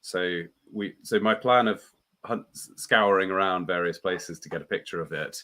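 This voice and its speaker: Very deep-voiced man hosting a study stream. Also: moderate pace, sharp tone. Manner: curious, asks questions, reads out viewer comments. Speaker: host of a Bible study stream. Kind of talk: casual livestream chat.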